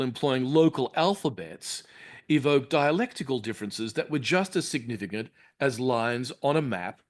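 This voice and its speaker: A man giving an academic lecture in a measured, articulate, explanatory way, in a lecture room. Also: mid-range voice. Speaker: university lecturer.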